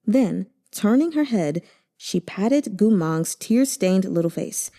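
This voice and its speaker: A woman narrating a novel aloud with expressive, emotive delivery. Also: mid-range voice, takes it slowly. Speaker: audiobook reader.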